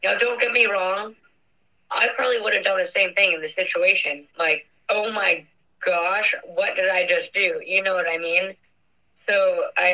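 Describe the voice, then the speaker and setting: Bright-voiced young woman recalling loss. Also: on the low side, rough recording. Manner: earnest, halting, frequent fillers. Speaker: interviewee. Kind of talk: personal recollection.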